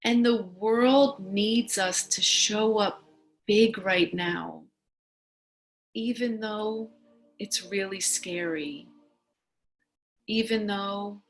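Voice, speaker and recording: A woman leading a guided meditation talk at a gym, speaking in a soft, earnest way. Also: medium pitch, fairly even intonation, slow, long pauses.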